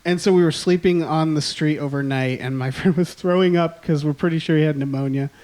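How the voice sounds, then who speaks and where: A man's voice: fairly high pitch, fairly even intonation, brisk, darkish tone. A man in his thirties telling rambling, self-mocking stories in a casual chat, laughing often. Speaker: podcast guest.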